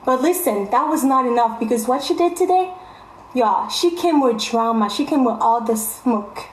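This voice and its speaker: Young woman vlogger, high voice, emphatic repeats, echoey room. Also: animated, moderate pace, a little hiss or hum. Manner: emphatic, repeats phrases for stress. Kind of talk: casual storytelling to viewers. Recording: roomy echo.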